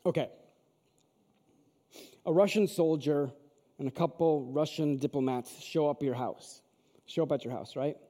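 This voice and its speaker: Male pastor, conversational sermon, mellow tone, long hall reverb. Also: a little high, measured pace, long pauses. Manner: storytelling, conversational, asks the audience questions.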